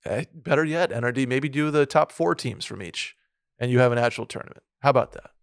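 A man co-hosts a laid-back sports podcast, wandering through his thoughts with plenty of restarts and "like"s. His voice sits at a middle pitch, and the studio mic sound is close and dry, with no room behind it. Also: animated, a little fast, vocal fry, smooth, dry recording. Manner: rambling, many restarts and fillers. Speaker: podcast co-host. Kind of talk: casual sports podcast chat.

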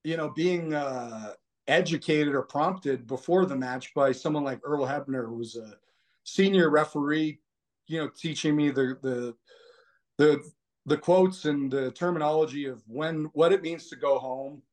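A man, a podcast guest, telling stories in a rambling, animated way full of fillers. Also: a little high, measured pace. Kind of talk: casual storytelling conversation.

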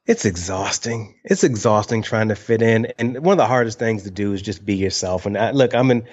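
A man's voice: on the low side, animated, fairly quick, darkish tone, highs cut off. A man in his early forties from Michigan with a Michigan twang, talking frankly as a guest on a video call and swearing now and then. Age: early 40s. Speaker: guest, speaker and former TV host. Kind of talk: casual conversational interview.

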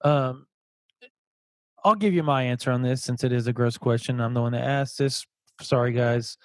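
A man's voice: medium pitch, normal speed, dry recording. A man hosting a casual sports podcast, chatty and often repeating words as he laughs his way through a point. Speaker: podcast host.

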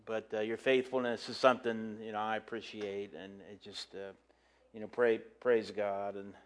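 Halting, folksy middle-aged man preaching. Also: fairly low pitch, flat delivery. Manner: rambling, halting, with many fillers and restarts. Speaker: pastor. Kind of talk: casual sermon storytelling.

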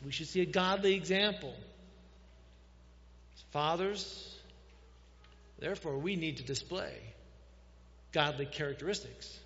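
Preacher guy talking to the dads, kinda high voice, muffled lo-fi sound. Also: a bit bright. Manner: storytelling, addresses fathers directly. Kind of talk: sermon. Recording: dull lo-fi sound with long hall reverb.

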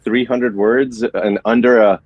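A man's voice: medium pitch, steady tone, measured pace, no room sound, lo-fi sound. A man in his forties, a guest musician on a podcast, explaining things in an easygoing way with fillers. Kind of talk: casual interview chat.

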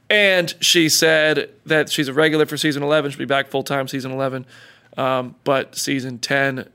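A man hosting a casual chat, telling stories with lively acted-out quotes. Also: medium pitch, moderate pace, clear, resonant tone. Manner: animated storyteller, acts out quotes.

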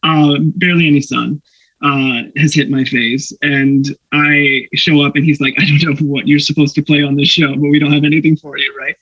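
A man's voice: a little high, flat delivery, moderate pace, fairly bright tone, breathy edge, dry recording, dull audio. A young man from Canada, an actor guest, telling anecdotes animatedly with laughs and put-on voices. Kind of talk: casual storytelling interview.

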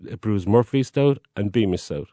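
A man's voice: on the low side, animated, normal speed, mellow, no echo. A middle-aged man with a Cork Irish accent, a guest in a casual conversation. He explains things earnestly and with pride, at some length. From Cork, Ireland.

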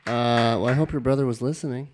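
A man's voice: mid-range voice, steady tone, fast, noisy background. A man hosts an open mic night with easygoing, chatty banter. He thanks each poet and brings up the next.

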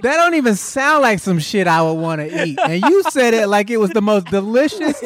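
Podcast sidekick, a man with a high voice, quick with joking comebacks. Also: very animated, a bit bright. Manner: wisecracking, incredulous jokes. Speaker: podcast co-host. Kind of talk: casual comedy banter.

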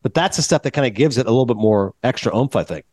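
A man hosting a podcast, retelling film scenes in a quick, animated, casual way. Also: medium pitch, dry recording, clean studio sound. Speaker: podcast host. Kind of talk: casual chat.

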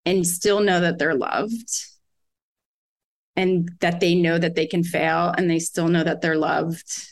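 A woman in her forties, a guest on a podcast interview, talking candidly about raising her kids, often laughing and quoting what she tells them. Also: on the low side. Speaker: guest, parent of several children.

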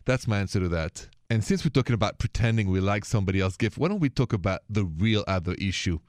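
A man's voice: fairly low pitch, lively intonation, fast talker, darkish tone, no echo. A middle-aged man with a thick Parisian French accent, hosting a radio advice show in a chatty, playful way and slipping in French words. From France.

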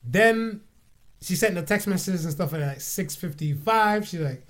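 Man, podcast host, high-pitched voice, laughs a lot, animated casual storytelling. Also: normal speed. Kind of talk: casual chat.

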